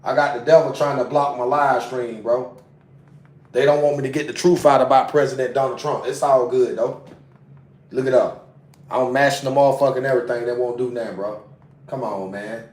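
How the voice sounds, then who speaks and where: A man's voice: medium pitch, fairly even intonation, moderate pace, a little mellow, distant mic. A man on a casual livestream, talking in an agitated, profane way and repeating himself, recorded away from the mic. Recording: roomy sound, away from mic.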